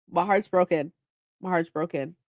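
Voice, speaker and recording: A woman in her twenties chats casually on a livestream, reading her chat aloud in a playful, mock-dramatic way. Her voice is fairly low-pitched and slow, and the recording is dry.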